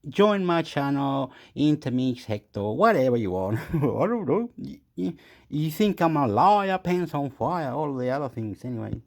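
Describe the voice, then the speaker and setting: A man's voice: medium pitch, very animated, measured pace, creaky. A man hosting his own channel in a rambling casual monologue, full of restarts and unfinished thoughts. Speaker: channel host.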